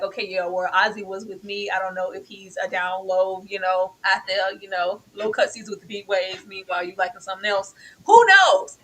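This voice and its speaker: A woman co-hosting a casual TV review chat, animated and exclamatory, playfully teasing. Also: medium pitch, poor audio. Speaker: co-host reviewing a TV drama.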